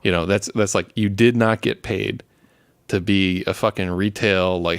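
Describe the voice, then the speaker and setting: Casting note: young adult man, low gravelly voice, dry close sound, loose rambling profane storyteller. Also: fairly even intonation, moderate pace, no room sound. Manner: rambling, swears constantly, laughs while telling stories. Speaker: show host. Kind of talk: casual profane chat.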